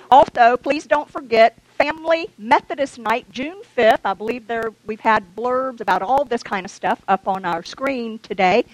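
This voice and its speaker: Woman, church announcements, chatty and loose, slightly high voice. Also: rough recording. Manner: chatty, laughing, loose asides. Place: church sanctuary.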